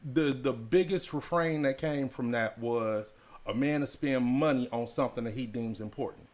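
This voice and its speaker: A man hosting a radio talk show, chatting casually and explaining his points in a measured way, restarting phrases as he goes. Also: medium pitch. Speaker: show host.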